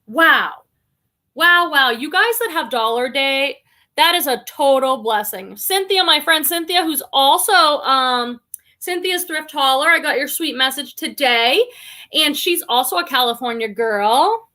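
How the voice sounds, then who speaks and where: Speaking at a measured pace, this livestream host has a high, sharp voice with lively intonation. She is a middle-aged reseller from the Boston area with a slight Boston accent, chatting casually, reading comments, and greeting viewers by name.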